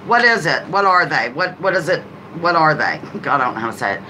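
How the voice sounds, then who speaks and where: A woman hosting a live trivia game on a stream, chatting casually, greeting viewers by name and reading each question out slowly. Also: low voice, very animated, bright, forceful tone, slight background noise, poor audio. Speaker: livestream host.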